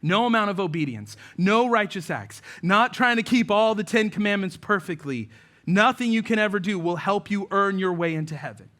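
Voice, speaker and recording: A pastor delivers a sermon in a slightly high male voice. He tells stories and acts out the people he quotes. He often drops to a near-hush at the end of a phrase. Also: animated, normal speed. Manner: preaching with story-telling, voicing quoted people.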